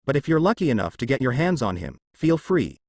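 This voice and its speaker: A man voicing a calm, measured male ninja teacher in a fan story read aloud. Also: medium pitch, no room sound.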